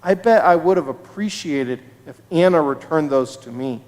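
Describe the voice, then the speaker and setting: Kind storybook girl, earnest and gentle, played by a man, lively pitch, echoey room. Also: normal speed, close to an everyday voice. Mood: remorseful. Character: kind-hearted young girl, remorseful. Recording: reverberant sanctuary livestream.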